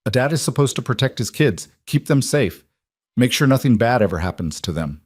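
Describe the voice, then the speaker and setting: A man's voice: mid-range voice, lively intonation, a little fast, husky, dry recording, studio quality, voice pushed up. A man voicing a hard, commanding mafia boss. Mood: steady. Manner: firm and commanding. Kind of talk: audiobook character voice.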